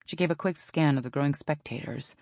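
A woman narrating a novel in an even storytelling manner. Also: low-pitched, fairly quick, no echo, clean studio sound. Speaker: audiobook narrator. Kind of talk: scripted narration.

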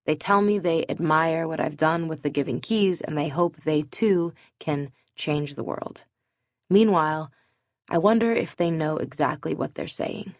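A woman in her thirties reads her own memoir aloud in a low, grounded voice. She speaks earnestly and candidly, with flashes of self-deprecating humor. The recording is close and dry, with no room sound. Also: a little slow, dry recording. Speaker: author narrating her own audiobook. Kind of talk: scripted memoir narration.

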